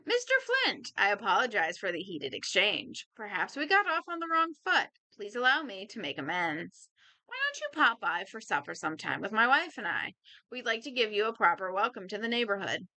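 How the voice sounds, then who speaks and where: A woman's voice: medium pitch, very animated, moderate pace, bright, forceful tone. A woman voicing a polite, anxious young husband who speaks formally and apologetically.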